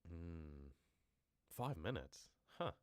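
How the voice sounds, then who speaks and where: Very deep-voiced male horror narrator. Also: sing-song, extremely slow, clean tone, no echo, studio quality. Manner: casual, rambling asides to chat. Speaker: horror story narrator and streamer. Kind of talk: live-stream horror narration and chat.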